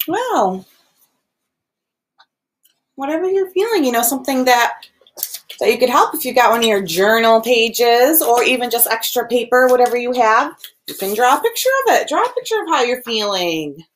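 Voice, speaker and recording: A woman preschool teacher giving a gentle, expressive lesson to young children, acting out each feeling as she names it. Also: a little high, moderate pace, a little hiss or hum. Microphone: video recording.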